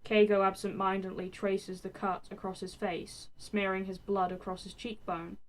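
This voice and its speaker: A woman reading a fan fiction story aloud, with expressive narration. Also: medium pitch, moderate pace, rough recording. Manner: expressive, swears in the text freely.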